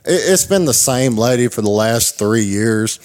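A man's voice: mid-range voice, animated, normal speed, noisy background. Profane man telling a story. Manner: profane, rambling, acts out quotes. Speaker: show co-host. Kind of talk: casual storytelling chat.

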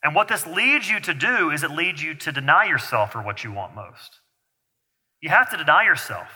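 His voice a little high, pushed and bright, this pastor preaches at a moderate pace with a sing-song lilt. The sermon feels casual and conversational, with jokes aimed at the children, recorded in a sanctuary with hall reverb.

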